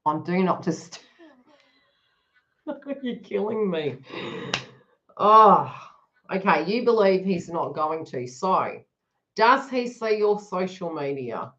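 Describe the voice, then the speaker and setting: A woman's voice: fairly low pitch, animated, slow, pauses often, fairly bright tone, muffled recording. A woman giving a live card reading to her viewers, talking frankly and joking as she goes. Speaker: tarot reader.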